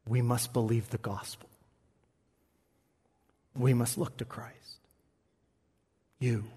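A man preaching a sermon as pastor, moving from quiet, reflective talk to loud, shouted passages. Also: mid-range voice, little pitch movement, slow, husky. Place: church. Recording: long reverb in a church hall.

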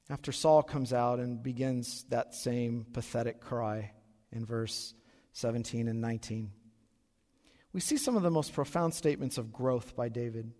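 A middle-aged male pastor preaching a sermon, swinging from loud emphatic peaks down to low quiet asides. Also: measured pace. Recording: long reverb of a large hall.

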